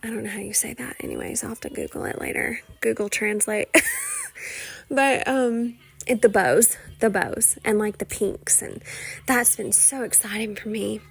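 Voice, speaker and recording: A young woman hosting a casual solo podcast, rambling with lots of "like" and "you know", sometimes dropping into soft whispery asides. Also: fairly high pitch, fairly even intonation, moderate pace, gravelly, breathy edge. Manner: rambling, chatty, many "like" and "you know" fillers. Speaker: podcast host.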